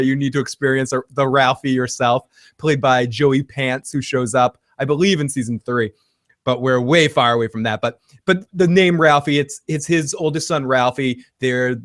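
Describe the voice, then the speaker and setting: A man co-hosting a casual TV recap chat, animated, laughing often and acting out quotes. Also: mid-range voice. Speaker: podcast co-host.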